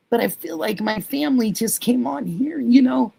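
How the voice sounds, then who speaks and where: Her voice sits on the high side, expressive and gravelly, with a dark, husky tone at a normal speed. She's a middle-aged woman running a relaxed livestream, reading comments and affectionately greeting viewers by name.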